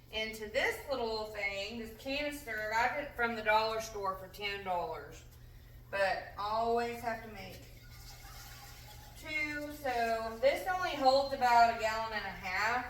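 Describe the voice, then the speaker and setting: A woman's voice: on the high side, measured pace, fairly bright tone, far from the mic, low-quality recording. A young woman chatting casually while cooking in her home kitchen, rambling with self-deprecating asides. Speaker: home cook vlogger.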